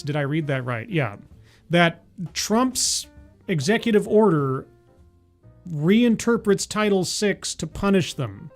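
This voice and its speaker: A man's voice: a little high, expressive, takes it slowly, long pauses, soft background music. A man hosting a casual commentary vlog, rambling and self-deprecating, with frequent restarts. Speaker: host.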